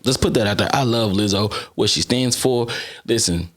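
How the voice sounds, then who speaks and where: A man hosts his podcast in a loose, talky monologue, speaking in a fairly low voice. He is animated and keeps circling back to "listen" and "okay" as he builds his points. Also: normal speed. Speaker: podcast host.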